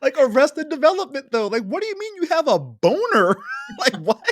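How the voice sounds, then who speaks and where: Man co-host, wry and jokey, very animated pitch. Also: moderate pace, a little hiss or hum. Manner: wry jokes, laughs a lot. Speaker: podcast co-host. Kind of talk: casual chat.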